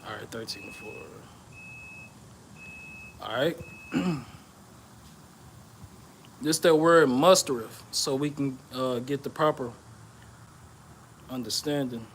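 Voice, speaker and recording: A man giving an informal sermon on prophecy, reading scripture aloud and explaining it, often checking in with "okay?" and "all right?" and pausing with "uh". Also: mid-range voice, slight background noise. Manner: pauses with "uh" and restarts. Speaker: bible teacher.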